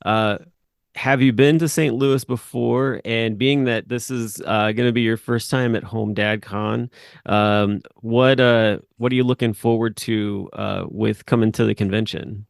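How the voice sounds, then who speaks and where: A man hosting a podcast, affirming his guest, laughing often and speaking in halting restarts. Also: on the low side, steady tone, creaky, dry recording, clean studio sound. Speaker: podcast host. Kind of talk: casual podcast interview.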